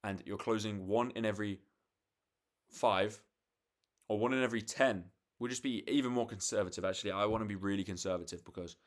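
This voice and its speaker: Swearing young man vlogging late at night. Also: fairly low pitch. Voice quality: swears freely, restarts often, acts out sales calls. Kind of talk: casual late-night talk to camera.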